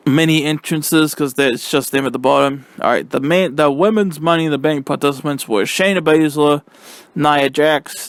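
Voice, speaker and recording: Young man, excitable rambling chat, smooth clear voice, dry sound. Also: on the high side, dry recording. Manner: excitable, rambling with many fillers. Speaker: wrestling reviewer. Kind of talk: casual solo review.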